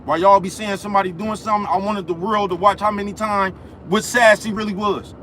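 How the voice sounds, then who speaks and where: A young man hosts a livestream from outside, his voice sitting a little high. He rants in a loose, profane, repetitive way, constantly asking if you follow him. Faint traffic hums behind him. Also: fairly even intonation, fast, a bit bright. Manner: profane, repetitive, keeps asking "you know what I'm talking about". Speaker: livestream host. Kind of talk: ranting live-stream monologue. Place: outdoors in the cold, near traffic.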